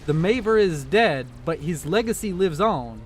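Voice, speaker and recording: A young man casting a strategy video game, excitable and joking, swearing freely as he reacts to the action. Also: on the high side, moderate pace, slight background noise. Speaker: game caster. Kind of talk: casual profane game commentary.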